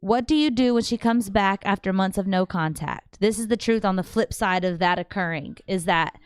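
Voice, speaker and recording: Chatty woman doing a live q&a from home, smooth voice, pretty dry sound. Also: mid-range voice, moderate pace, no echo. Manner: chatty, animated, slangy, trails off and restarts. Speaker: livestream host answering viewer questions. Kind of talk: casual live chat.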